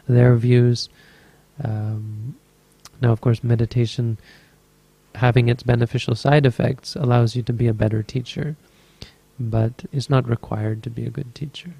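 A man's voice: mid-range voice, little pitch movement, moderate pace, gravelly, dark tone, breathy edge, no echo. A man teaching as a Buddhist meditation teacher, telling a story in a dharma talk with an easygoing, rambling manner and frequent self-corrections.

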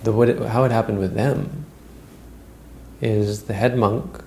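A man's voice: lowish voice, steady tone, measured pace, gravelly, darkish tone, a little hiss or hum, low-quality recording. A man retelling a Buddhist story as a teacher, in a conversational way with frequent restarts.

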